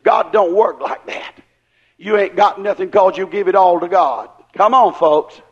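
A man preaching a sermon in a fervent, folksy way, firing rhetorical questions at the congregation and rising into shouts. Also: high-pitched, a little slow, lo-fi sound. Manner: acts out quoted people in voices.

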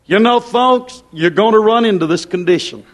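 High-voiced preacher warning his flock. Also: moderate pace. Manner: warning, repetitive, rises and drops in pitch. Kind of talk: fiery revival sermon.

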